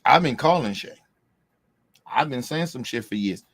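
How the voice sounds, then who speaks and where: A man's voice: mid-range voice, lively intonation, moderate pace, breathy edge, no room sound. A man hosting a podcast, ranting in a heated, profane way and repeating himself for emphasis. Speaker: podcast host. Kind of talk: casual ranting commentary.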